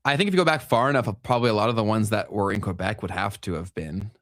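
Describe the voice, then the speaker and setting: A man's voice: fairly low pitch, fast, dry recording, clean studio sound. A blunt, opinionated young man from Canada, co-hosting a casual podcast chat with frequent restarts. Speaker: podcast co-host.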